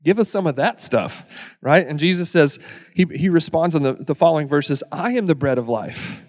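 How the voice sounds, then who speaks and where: A man preaching a sermon in a casual, joking way, acting out the crowd's lines in quick asides. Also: a little high. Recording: long hall reverb.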